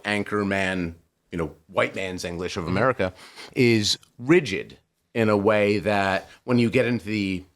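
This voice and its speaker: A man's voice: lowish voice, a bit bright. Thoughtful man in casual chat. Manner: thoughtful, rambling with restarts. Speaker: podcast co-host.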